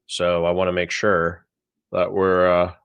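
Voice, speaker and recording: Rambling, sleepy livestream host. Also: male voice, deep voice, completely flat delivery, measured pace, fairly bright tone, smooth, lo-fi sound. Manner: rambling, chatty, self-deprecating. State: sleepy, yawning. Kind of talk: casual livestream chat.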